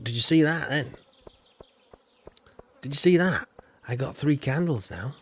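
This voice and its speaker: A man's voice: mid-range voice, darkish tone. A man streaming a farming game live, chatting casually and answering viewer comments as he plays.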